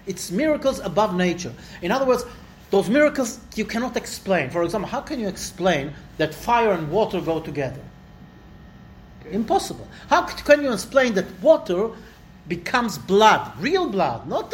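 A Torah teacher giving a Bible lesson to a small class indoors, acting out quoted lines with rising, dramatic delivery. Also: a little hiss or hum. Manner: animated, acts out quotes with rising pitch. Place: indoor room with listeners.

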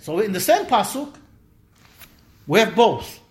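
A man's voice: high voice, measured pace, pauses often. A man teaching a weekly scripture class, talking in a conversational way, answering students and acting out quoted dialogue. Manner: animated, acts out quoted dialogue with rising emphasis. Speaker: Torah teacher.

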